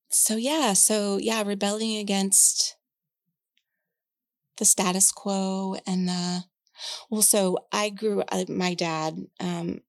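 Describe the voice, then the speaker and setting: A woman's voice: medium pitch, fairly even intonation, slow pace, no room sound. Woman in her forties, podcast co-host, frank and candid, casual chat, dry close sound. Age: 40s. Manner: candid, frank, swears freely, many fillers.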